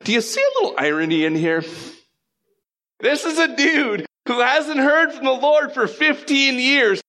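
A pastor preaching a sermon, telling a story in an animated way and slipping into quick voices. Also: male voice, very high-pitched.

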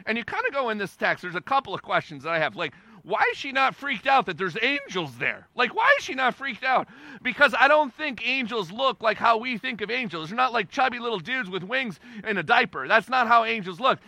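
A man preaching a sermon with a high, gravelly, piercingly bright voice. He talks to the congregation in a loose, emphatic way, repeating phrases and moving between hushed and loud passages. The sound is dry and close. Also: sing-song, brisk, no echo. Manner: conversational and emphatic, repeating phrases for stress, with wide swings in loudness. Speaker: pastor.

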